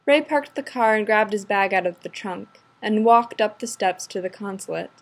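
A woman reading fiction aloud in an even, steady storytelling voice. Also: medium pitch, normal speed. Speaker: narrator.

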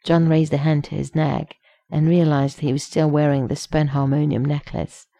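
Woman narrator, story reading, steady, measured, dark mellow tone, low. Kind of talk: audiobook fan fiction reading.

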